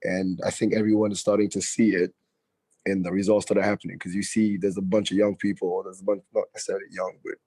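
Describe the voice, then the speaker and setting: A young man from Ghana with a hoarse, raspy voice, speaking as a guest in a casual conversation over a video call. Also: low voice, level tone, fast, warm tone, no echo, low-quality recording. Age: young adult. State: hoarse, has lost his voice. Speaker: guest actor.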